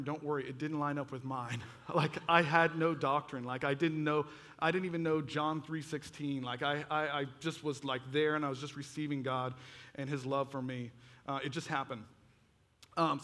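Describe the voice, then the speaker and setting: A man with a bright, forceful voice preaches a personal testimony in a church. He tells the story with animated energy, acting out his own past reactions. His voice carries a long reverb from the large hall. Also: on the high side, normal speed. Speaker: pastor. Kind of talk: sermon testimony. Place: church auditorium.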